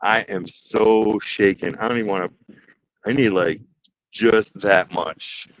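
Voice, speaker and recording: A man's voice: on the low side, steady tone, unhurried, slight background noise, poor audio. Chatty Midwestern man on a livestream. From Detroit area, Michigan. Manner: chatty, joking, reads chat aloud, nervous exclamations. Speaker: woodworking livestream host. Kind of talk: casual live-stream chat.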